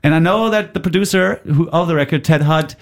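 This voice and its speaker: A man's voice: fairly high pitch, brisk, gravelly. A man hosting a radio interview in a studio, speaking, joking and laughing often. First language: German. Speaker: radio host. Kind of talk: radio interview, German and English. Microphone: studio microphone.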